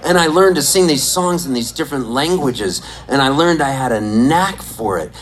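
A man in his sixties from Southern California, telling animated, laughing, profane stories from his childhood in a casual way. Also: medium pitch, moderate pace, low-quality recording. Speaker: storyteller. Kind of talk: casual storytelling.

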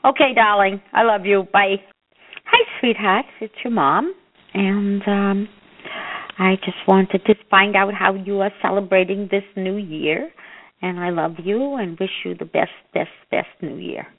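A woman's voice: medium pitch, measured pace. An older woman leaving chatty, rambling, affectionate voicemail messages for her grown child. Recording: phone-line voicemail.

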